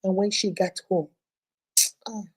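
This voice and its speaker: A Nigerian woman hosting a viewer advice show, retelling a caller's story in an expressive, heartfelt way with pidgin touches. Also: medium pitch, a little slow, slightly rough, rough recording.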